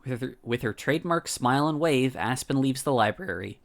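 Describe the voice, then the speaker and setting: A man streaming, reading a visual novel aloud in a calm first-person narrator voice. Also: medium pitch, brisk, gravelly.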